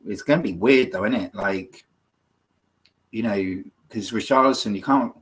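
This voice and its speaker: Host, man, lowish voice, earnest rambling talker. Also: normal speed, slightly rough. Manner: rambling, filler-heavy, earnest. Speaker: podcast host. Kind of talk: casual football chat.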